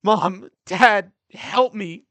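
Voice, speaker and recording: A man voicing a twelve-year-old orphan boy, with a deep voice for a child, shouting in panic. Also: extremely slow, dry recording, exaggerated voice. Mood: desperate. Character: twelve-year-old boy, fearful, later coldly furious.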